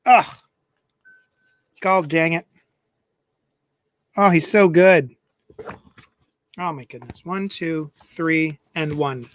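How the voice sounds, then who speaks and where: A comic shop host runs a live comic unboxing stream, talking into a desk microphone in a chatty, animated way with playful jokes at his own expense. His voice is fairly high, and he speaks extremely slowly with long pauses and no echo.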